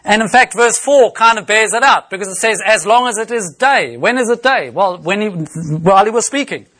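A man preaching a sermon, expounding a Bible passage and reading scripture aloud in a measured way. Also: high-pitched, lively intonation, a bit bright.

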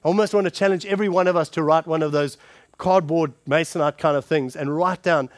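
A man preaching a sermon, calling his listeners friends and shifting between forceful punches and hushed scripture reading. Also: fairly high pitch, a little fast, no echo, clean studio sound. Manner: emphatic, addresses the congregation directly as friends.

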